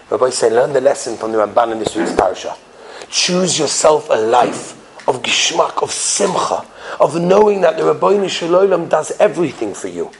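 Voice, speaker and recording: Lively storytelling rabbi, a man. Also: mid-range voice, normal speed, slight background noise. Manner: animated storyteller who acts out the people in his stories; repeats phrases and restarts for emphasis. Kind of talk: storytelling sermon.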